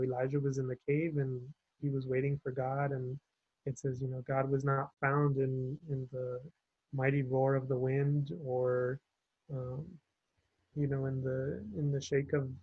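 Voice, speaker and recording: A man leading a campus faith group on a video call, talking in a relaxed, reflective way and often restarting his sentences. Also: medium pitch, dry recording. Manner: relaxed, searching for words, many restarts. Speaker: campus ministry group leader. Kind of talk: casual reflective talk. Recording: dull, dry, lo-fi.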